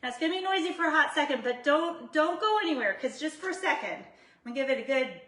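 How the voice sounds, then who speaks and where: Woman, home cook on a livestream, casual and self-mocking, bright voice, echoey kitchen, often off-mic. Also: high-pitched, animated, quick pace, distant mic. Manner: chatty, self-deprecating, greets viewers by name. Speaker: jewelry maker cooking on a livestream. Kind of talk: casual live cooking chat.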